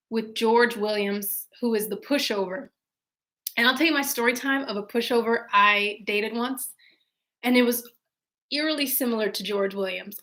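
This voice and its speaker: A young woman with a fairly high-pitched voice hosts a casual live stream from home. She chats with viewers and animatedly tells a story about dating.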